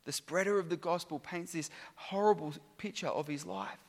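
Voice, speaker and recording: A man's voice: high voice, normal speed, gravelly, big-room sound. A man preaching a sermon, reading scripture aloud with emphatic, sometimes sarcastic delivery.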